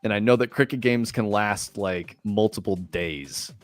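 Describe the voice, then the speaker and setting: A low-pitched young American man chatting loosely on a livestream. He rambles through his stories with many likes and casual swearing. Faint music plays under his voice. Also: unhurried. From United States. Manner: loose, rambling, filler-heavy, profane. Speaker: streamer.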